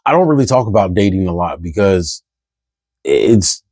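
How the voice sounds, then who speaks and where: A vlogger rants candidly to camera, exasperated and cursing, firing off rhetorical questions. His low, slightly mellow voice is very animated at normal speed, in a dry recording.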